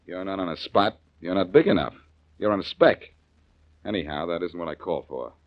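An actor playing a wisecracking tough private detective, sardonic and quick-witted, in 1940s radio acting on a muffled old recording. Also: male voice, deep voice, no echo.

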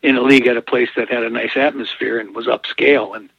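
A man's voice: mid-range voice, steady tone, quick pace, creaky, slightly rough, no echo. A man co-hosting a casual chat show, telling corny jokes and chuckling at his own lines. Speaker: podcast co-host telling jokes. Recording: dull, lo-fi dry recording.

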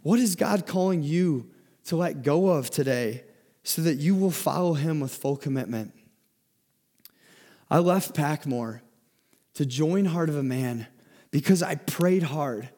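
A man's voice: a little high, lively intonation, a little slow, long pauses, dark tone. A young man giving a sermon in an earnest way, often repeating and restarting his words as he speaks.

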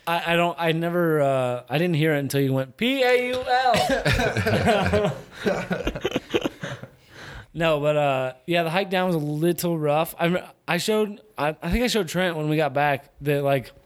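A man's voice: on the high side, normal speed, hardly any pauses, smooth. A young man hosting a podcast, chatting casually and rambling with lots of restarts. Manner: rambling, many restarts and fillers. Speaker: podcast host. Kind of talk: casual chat.

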